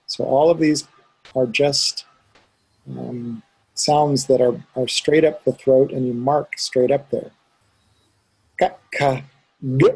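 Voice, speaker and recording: A man's voice: mid-range voice, gravelly, a little mellow, husky, poor audio. A man teaching a student one-on-one, patiently explaining and demonstrating sounds aloud. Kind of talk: one-on-one pronunciation lesson.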